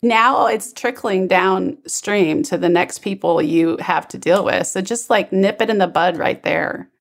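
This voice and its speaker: A woman co-hosting a casual chat, candid and self-deprecating, telling animated stories about everyday misunderstandings. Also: medium pitch, a little slow, creaky.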